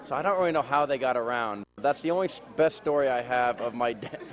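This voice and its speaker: A man's voice: mid-range voice, animated, fast talker, a crowd in the background. A man casually telling rambling family stories at a reunion. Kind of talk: casual storytelling.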